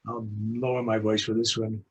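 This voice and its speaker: An older man, a voice actor being interviewed, telling lively stories and acting out voices as he recalls his work. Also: fairly low pitch, normal speed, slight background noise, low-quality recording. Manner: lively storyteller, acts out voices. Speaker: guest voice actor.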